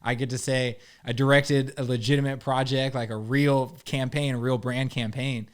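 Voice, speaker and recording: A young podcast guest chats casually and easily in an ordinary middle pitch, with a level tone and moderate pace. Laid-back and loose, he leans on "like" and "bro" and does little voices for the people he quotes.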